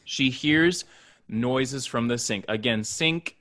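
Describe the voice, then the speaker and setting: A man's voice: medium pitch, takes it slowly, a bit bright. A man co-hosting a podcast, recapping a horror film in playful casual chat, acting out characters and dropping in Spanish phrases. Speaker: podcast co-host.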